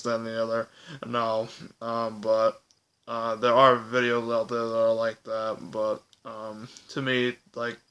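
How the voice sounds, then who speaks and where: A man's voice: medium pitch, sharp tone, poor audio. A young man talking earnestly to camera in a personal vlog, hesitant and full of fillers. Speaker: vlogger.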